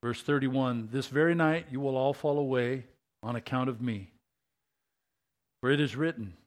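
Lively, animated male preacher. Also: mid-range voice. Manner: animated, conversational, asks the congregation questions. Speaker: pastor. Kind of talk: sermon.

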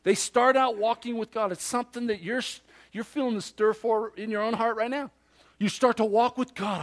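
A male pastor preaching a sermon emphatically, swinging from loud declarations to hushed asides and acting out imagined listeners. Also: extremely high pitch, steady tone, brisk.

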